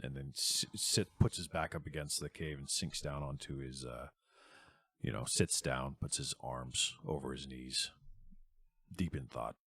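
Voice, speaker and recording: A man narrating as game master of a tabletop game, describing the action in a lively way. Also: extremely low pitch, a little slow, slightly rough, no room sound, studio quality.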